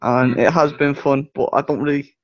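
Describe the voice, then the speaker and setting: A man's voice: medium pitch, steady tone, normal speed, no echo. A man chatting as a guest in a casual, laid-back and offhand way. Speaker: guest actor. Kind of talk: casual podcast chat. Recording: dull dry recording, slightly off-mic.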